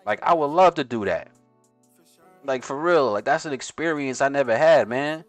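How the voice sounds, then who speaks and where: A man with a New York accent hosts a casual day-trading livestream, sounding out of breath as he gets hyped, talks in loose slang, and sings along to the faint music behind him. His voice sits in the mid-range at a moderate pace, and the recording is dry.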